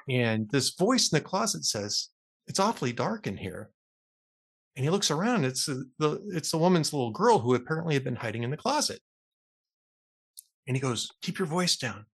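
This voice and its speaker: A man's voice: fairly high pitch, slightly rough. A man hosting a talk show, chatting casually and telling a long joke with acted-out voices. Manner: lively storyteller who acts out the characters' lines. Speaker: radio talk show host. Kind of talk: casual chat, telling jokes.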